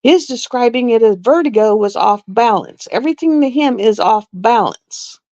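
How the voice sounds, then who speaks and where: A woman's voice: fairly high pitch, animated, normal speed, a little mellow, no room sound. A middle-aged woman, a nurse, chatting bluntly and with exasperation on a casual live stream. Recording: dull lo-fi dry live-stream audio.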